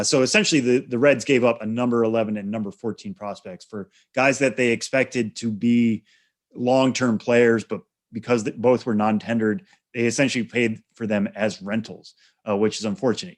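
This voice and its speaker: A man co-hosting a podcast, explaining in a measured way with lots of fillers, on a studio microphone. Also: lowish voice. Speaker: podcast co-host. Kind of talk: casual podcast chat.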